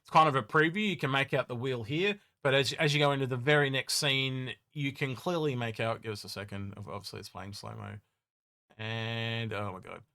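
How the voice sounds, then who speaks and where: A man's voice: mid-range voice, brisk, pushed and bright, dry recording, clean studio sound. A young Australian man hosting a casual gaming chat, chatty and self-deprecating as he talks through a trailer. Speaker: podcast host.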